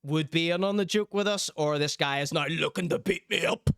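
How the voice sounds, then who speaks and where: A man's voice: fairly high pitch, a little fast, creaky, a bit bright, smooth, no room sound, clean studio sound. A man hosting a livestream, reacting to clips and reading chat with jokey, self-mocking banter. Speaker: show host.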